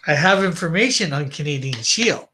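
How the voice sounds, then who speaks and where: A man's voice: a little high, lively intonation, normal speed, sharp tone. A man co-hosting a live drawing stream, reading viewer comments aloud and joking, with frequent laughs. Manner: laughs often. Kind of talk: casual chat.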